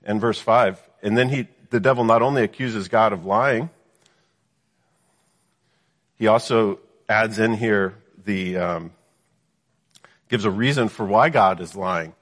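A man's voice: fairly low pitch, unhurried, pauses often, fairly bright tone, long reverb tail. A man preaching a Bible teaching, reading verses aloud and then explaining them with many rhetorical questions. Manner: reads scripture then explains it, with frequent rhetorical "right?" questions.

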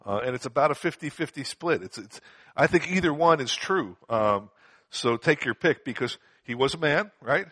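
A man's voice: a little high, lively intonation, moderate pace, a bit bright, slightly rough, no echo. A man teaching a Bible passage verse by verse to a live group, conversational, repeating words for emphasis and asking rhetorical questions. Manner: frequent fillers and rhetorical questions.

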